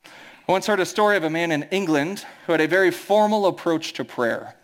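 High-voiced Midwestern pastor preaching. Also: male voice, a little fast. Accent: American Midwest. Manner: conversational preaching, acts out quoted voices. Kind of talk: sermon.

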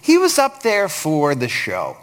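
A male preacher giving a sermon, retelling a Bible story in an animated, explanatory way. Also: a little high, measured pace.

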